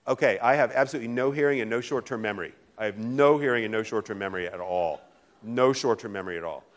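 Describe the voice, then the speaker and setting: A middle-aged man from Virginia, a literature professor who jokes and teases while picking volunteers from an audience. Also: fairly low pitch. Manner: fast, joking, teasing. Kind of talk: lively classroom talk to an audience.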